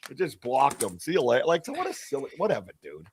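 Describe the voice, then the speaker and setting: A man's voice: medium pitch, quick pace, crowd noise. A man hosting a podcast, chatting casually and joking about himself. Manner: animated, jokey, self-mocking. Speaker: podcast host. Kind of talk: casual chat.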